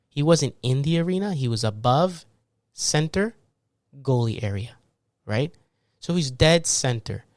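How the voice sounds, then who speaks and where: A male podcast host tells a rambling story and jumps into loud impressions of the people in it. His voice sits at an ordinary middle pitch. The recording is close and dry, with no room sound. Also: no echo. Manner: animated, acts out people with loud laughs and shouts. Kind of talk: casual storytelling monologue.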